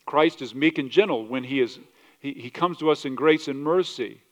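A pastor preaches a passionate sermon at a moderate pace, swinging from loud declarations to quiet asides. He quotes scripture, acts out other people's voices, and asks the congregation questions with a southern "y'all."

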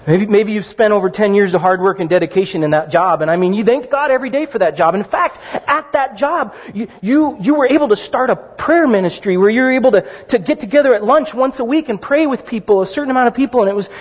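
Middle-aged male pastor, high husky voice, conversational sermon delivery; reverberant hall. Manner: conversational, animated storytelling with asides. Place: church sanctuary. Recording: dull lo-fi sound in a reverberant hall.

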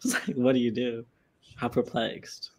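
A man with a gravelly, mid-pitched voice chats on a podcast panel, laughing as he talks and circling back on the same words. His tone stays loose and amused. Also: little pitch movement, measured pace, slight background noise. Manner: laughs through his words, repeats himself. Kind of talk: casual chat.

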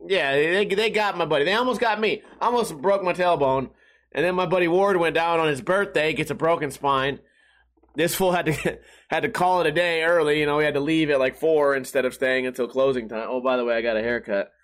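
Chatty young man with a higher voice. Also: fairly quick, a bit bright. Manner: rambling, profane, chuckles at his own jokes. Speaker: vlogger. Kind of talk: casual storytelling to camera.

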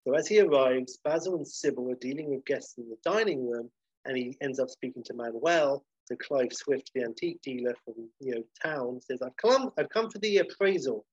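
A man's voice: medium pitch, normal speed, a little mellow, breathy edge, no echo, highs cut off. A man casually recapping a sitcom episode, rambling with fillers.

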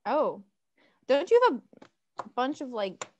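A young American woman co-hosting a casual chat, giggly and animated, full of fillers. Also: high voice, slow, muffled recording, slight background noise. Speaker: podcast co-host.

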